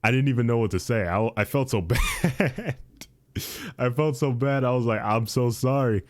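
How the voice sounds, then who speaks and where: A man's voice: medium pitch, expressive, normal speed, no echo. A young man hosting a casual podcast, rambling and repeating himself, calling the listener dude. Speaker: podcast host. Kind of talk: casual chat.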